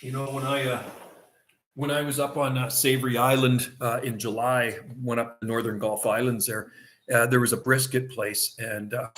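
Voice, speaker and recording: A man's voice: medium pitch, fairly bright tone. A middle-aged man chatting casually on a livestream from a seaside vacation home, rambling and laughing often.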